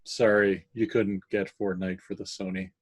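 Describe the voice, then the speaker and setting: A man's voice: sits low, flat delivery, moderate pace, breathy edge. A man from Canada co-hosting a casual gaming podcast, cracking jokes and playful asides. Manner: joking, playful, makes silly noises. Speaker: podcast co-host. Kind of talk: casual chat.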